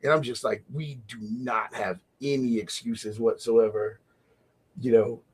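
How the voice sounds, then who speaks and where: A man hosting a casual faith talk show, animated and laughing often as he acts out little voices. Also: mid-range voice, a little slow, slightly rough. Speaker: host. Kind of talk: casual radio chat about faith.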